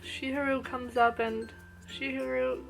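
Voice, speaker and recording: A woman casually reviewing an anime episode, gushing and excitable, full of "oh my gosh" and "like". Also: high voice, a little slow, vocal fry, soft background music.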